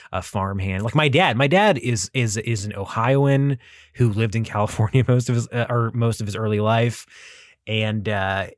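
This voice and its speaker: A man's voice: on the low side, no echo, clean studio sound. A young adult man from Texas with a Texan accent, talking casually in a rambling monologue full of fillers and restarts. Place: California.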